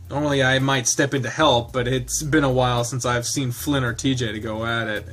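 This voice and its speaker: A man who plays and reads a visual novel aloud, adding halting, laughing commentary. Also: mid-range voice, fairly even intonation, a bit bright, faint music behind. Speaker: game streamer.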